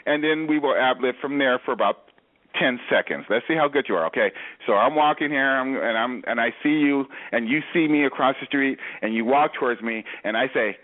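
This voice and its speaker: A man's voice: mid-range voice, brisk, dry recording. A man hosting a radio interview show, playful and teasing, with jokes and games, heard over a tinny phone-like line.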